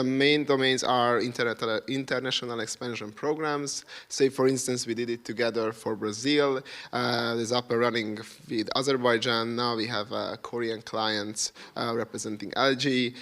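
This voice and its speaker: A man's voice: medium pitch, vocal fry, a bit bright. Joking Hungarian man with Italian-tinged accent. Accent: Italian-tinged English. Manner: joking, self-deprecating. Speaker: panelist. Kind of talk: conference panel chat.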